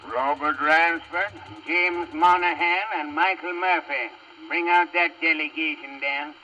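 Curt judge, bright forceful voice, dull old record. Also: male voice, on the high side, fairly even intonation, measured pace. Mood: brusque. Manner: brusque, dry wisecracks. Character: gruff small-town judge, middle-aged man, impatient.

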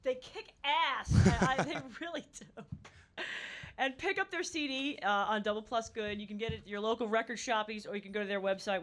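Woman, radio host, a little high voice, giggly, chatty, casual band chat. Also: normal speed, fairly bright tone. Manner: giggly, chatty, many restarts.

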